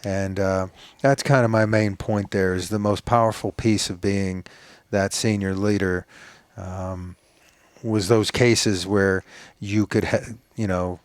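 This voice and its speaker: A man in his fifties, a retired military leader, talking reflectively as a guest in a casual interview, soft-spoken with pauses and fillers. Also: on the low side, steady tone, dry recording.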